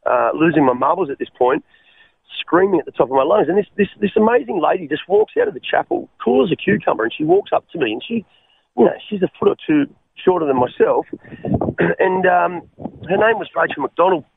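An Australian man recounts his life story as a radio guest, earnest and stumbling, with many restarts and frequent use of mate. His voice is gravelly and a little high for a man. It comes through a dry, tinny phone line. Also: sing-song, a little fast, no echo. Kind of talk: personal testimony on radio.

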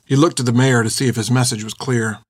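A man giving measured, expressive scripted narration of a storybook. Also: medium pitch, dry recording, studio quality. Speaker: audiobook narrator.

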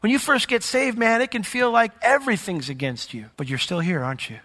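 A man preaching a sermon as pastor, in a conversational way with joking asides and sudden jumps in pitch. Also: a little fast, a bit bright. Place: church sanctuary. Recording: long hall reverb.

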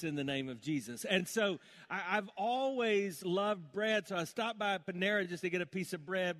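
A male pastor preaching a sermon, telling homespun stories with gentle humor. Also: sits high.

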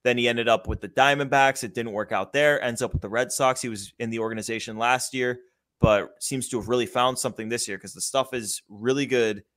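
A man's voice: medium pitch, steady tone, brisk, a bit bright. A man casually chatting about baseball as a podcast host, enthusiastic and loose, with the odd swear. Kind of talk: casual sports chat.

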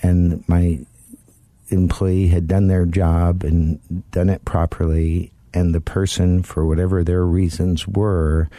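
A man who once ran a car dealership, co-hosting a talk show and explaining dealer practices in a measured, deliberate way. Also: low voice, flat delivery, dark tone, no room sound. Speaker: co-host, former car dealer. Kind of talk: casual radio talk show chat.

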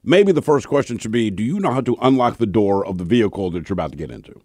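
Lively joking male radio host. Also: on the low side, no room sound, studio quality. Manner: joking, quick asides. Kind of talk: casual radio chat.

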